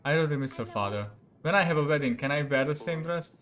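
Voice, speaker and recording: Hungarian guy doing an eager princess girl, quick curious questions. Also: fairly high pitch, lively intonation, a bit bright.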